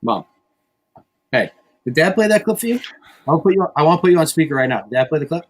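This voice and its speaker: Husky-voiced podcast host, rambling and profane. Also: male voice, fairly high pitch, very animated, fast talker. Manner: rambling, profane, self-mocking. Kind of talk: casual podcast banter.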